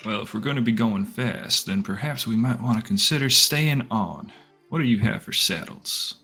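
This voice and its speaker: A man speaking in character at a tabletop game, measured and polite. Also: on the low side, animated, creaky, bright, forceful tone, breathy edge, faint music behind. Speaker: player.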